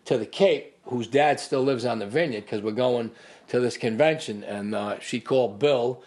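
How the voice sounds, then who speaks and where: A man's voice: mid-range voice, normal speed. A middle-aged man, a podcast guest, telling a long personal story in casual conversation and acting out what others said. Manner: animated storyteller who acts out other people's lines.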